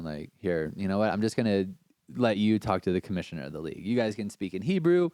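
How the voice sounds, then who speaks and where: A man telling a story as a podcast guest, animated and slangy, swearing freely. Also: lowish voice, a little fast, smooth, no echo. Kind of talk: casual storytelling.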